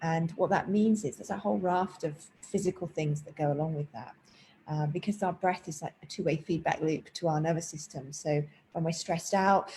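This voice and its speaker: At home indoors with rain falling outside, a woman meditation teacher gives a casual spoken class introduction, explaining breathing in a chatty way and pausing now and then to talk to her cat. Her voice is fairly low and warm at a moderate pace, and the audio is poor with a little hiss or hum.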